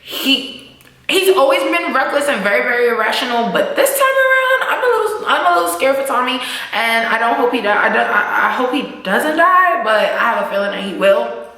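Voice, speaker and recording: A woman's voice: on the high side, fairly quick. A young woman vlogger recapping a TV episode in casual, slangy talk, acting out the characters' lines as she goes. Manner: animated, acts out characters' lines while recapping; slangy, swears freely. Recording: very echoey room.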